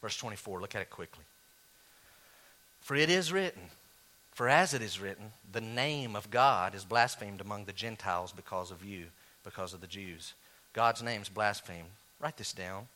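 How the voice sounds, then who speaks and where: Animated, bright-voiced male pastor preaching. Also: moderate pace. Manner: animated, rising to high exclaims, then dropping low and quiet. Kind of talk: sermon.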